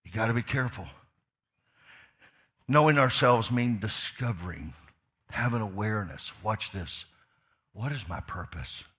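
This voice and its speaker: A man preaching a sermon as a pastor in a church, swinging from quiet asides to loud, fired-up preaching and putting repeated questions to his listeners. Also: lowish voice, lively intonation, a little slow, long pauses. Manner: asks the crowd questions, repeats lines for emphasis. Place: church sanctuary.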